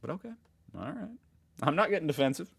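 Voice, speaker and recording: A man's voice: on the high side, sing-song, quick pace, gravelly, fairly bright tone, breathy edge. Playful mock-defensive man hosting reactions. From Southern United States. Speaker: reaction video host. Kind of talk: casual reaction commentary.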